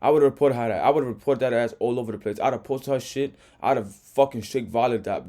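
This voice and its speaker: A young man talks fast in a blunt, profane rant as he reacts to a clip. His voice is mellow and dark in tone, and he keeps it casual and heated. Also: medium pitch. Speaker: reaction video host.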